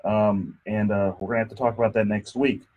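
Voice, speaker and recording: A man's voice: on the low side, fairly even intonation, a little fast, phone-quality sound. A man hosting a casual radio talk show, chatty and joking, with many fillers, speaking in a radio studio. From Texas. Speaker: radio show host and insurance attorney.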